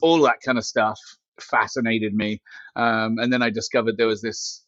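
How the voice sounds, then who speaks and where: A company CEO, appearing as a podcast guest, tells joking, animated stories full of asides in a lowish voice at normal speed during a casual chat. He's recorded through a headset mic built into his glasses, and the dry audio has its highs cut off.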